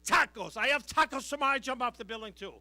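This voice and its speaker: A man doing a loud Mexican construction worker. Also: very high-pitched, quick pace, no room sound, full character voice. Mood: dramatic. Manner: exclaiming loudly. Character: Mexican construction worker dreading his lunch.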